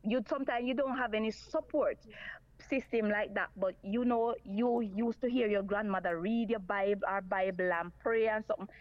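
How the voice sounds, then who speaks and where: A woman's voice: medium pitch, moderate pace, muffled recording. A woman calling in to talk radio, earnestly repeating her points.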